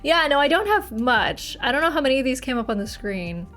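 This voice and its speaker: A woman's voice: high voice, very animated, a little fast, a bit bright, soft background music. A young woman streamer chatting casually to her live audience, rambling, swearing freely and laughing often.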